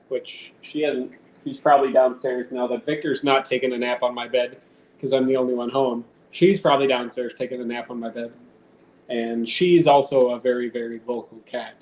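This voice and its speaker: A man talks casually and at length on a live stream from his home, dropping the odd swear word and speaking to his cat. His voice is medium-pitched and a bit mellow, captured in a roomy space with faint background noise.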